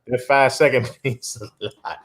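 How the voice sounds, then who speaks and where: A man's voice: mid-range voice, steady tone, unhurried, a bit bright. A man hosting a casual live stream, talking emphatically, repeating his phrases and often breaking into laughter.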